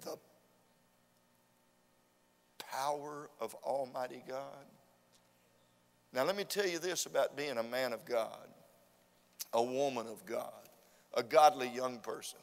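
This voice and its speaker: A man preaching a revival sermon with fervent, repetitive emphasis that rises to loud urging. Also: medium pitch, slow, vocal fry, long pauses. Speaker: visiting preacher. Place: church sanctuary. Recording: long church hall reverb.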